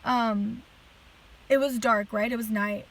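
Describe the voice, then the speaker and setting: A woman telling a dream story straight to camera. Her voice sits a little high, and she talks in an earnest, animated way. She keeps filling her sentences with "like" as she tries to get the details across. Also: takes it slowly, poor audio. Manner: chatty, heavy use of "like" fillers. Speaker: person giving a religious testimony.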